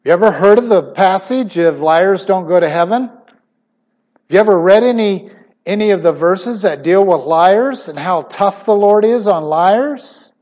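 A middle-aged man preaching a sermon emphatically, his voice swinging suddenly between loud stressed words and quiet asides. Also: high voice, expressive, unhurried, lo-fi sound.

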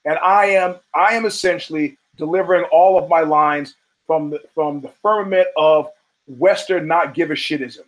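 Speaking at a normal speed with a fairly high-pitched voice, this male podcast host spins stories in a loose, profane monologue. He performs the voices of the people he quotes, and the audio is low quality.

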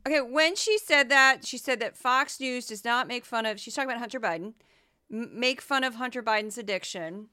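Bright animated woman podcaster. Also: fairly high pitch, brisk, clean tone, no echo, clean studio sound. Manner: animated, slips into goofy voices. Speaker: podcast host. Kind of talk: casual commentary podcast.

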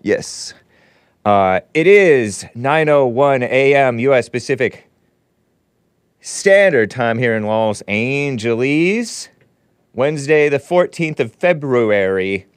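A man's voice: mid-range voice, animated, takes it slowly, smooth, no echo, studio quality. A middle-aged man hosting his own livestream show, chatting casually in a rambling way with joking asides. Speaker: show host. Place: home studio in Los Angeles.

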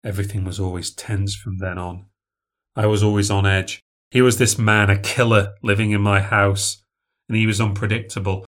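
A man's voice: lowish voice, level tone, moderate pace, a bit bright. Male narrator for a spoken ghost story; emotional first-person delivery that swells with the drama.

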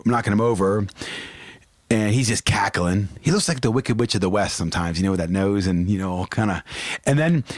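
Animated man telling a funny story. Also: lowish voice, dry recording. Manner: animated storyteller, laughs at his own jokes. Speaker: guest, barbecue cook and DJ. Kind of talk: casual anecdote telling.

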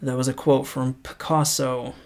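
A man's voice: mid-range voice, flat delivery. Man hosting a news and quotes podcast. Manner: conversational, slows down to read quotes aloud. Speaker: podcast host. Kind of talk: news roundup and motivational quotes.

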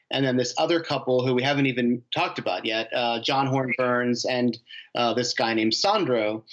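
A man's voice: mid-range voice, a bit bright, dull audio. A man, a novelist from the United States, answering interview questions in a rambling way, with many restarts and fillers. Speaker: novelist guest.

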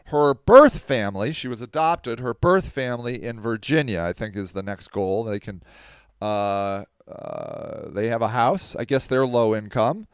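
A man's voice: medium pitch, animated, unhurried, clear, resonant tone, no echo, studio quality. A man hosting a podcast, reading news aloud and commenting on it in a casual, emphatic way. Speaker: podcast host.

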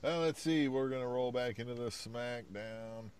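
Male co-host, easygoing chat, dry close sound, middle pitch. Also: normal speed, a little mellow, clear, resonant tone, no echo. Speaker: podcast co-host. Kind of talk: casual podcast chat.

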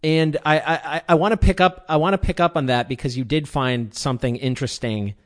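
A male interviewer asking questions in a casual way, halting and stammering with many filler sounds. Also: on the high side, fairly even intonation.

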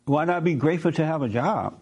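Male interviewer, fairly high voice, blunt and insistent, lectures while he probes. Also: expressive, fast talker, a little mellow, breathy edge. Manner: blunt, keeps pressing with "why" questions and lecturing. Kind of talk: probing conversational interview.

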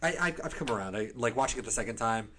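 A man's voice: mid-range voice, lively intonation, very fast, a bit bright, a little hiss or hum. A man co-hosting a casual chat, sarcastic and joking, sometimes slipping into silly voices. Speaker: podcast co-host.

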